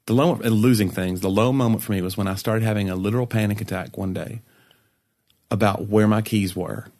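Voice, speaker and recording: A man with a fairly low voice chats casually and teases his co-host with quick jokes. His tone stays light and playful. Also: steady tone, a little mellow. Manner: teasing, joking. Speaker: podcast co-host. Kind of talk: casual chat.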